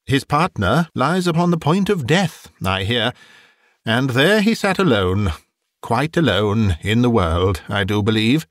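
A man voicing a contented middle-aged husband who speaks in an unhurried, smiling way, in an audiobook reading. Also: mid-range voice, big pitch swings, dry recording, clean studio sound. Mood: gentle.

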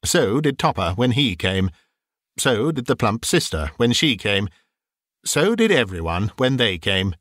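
A man reads a classic tale aloud in an expressive storytelling way. His pitch is lively and varied. The recording is dry and close, with no room sound. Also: measured pace, no echo. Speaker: narrator. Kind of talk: audiobook reading.

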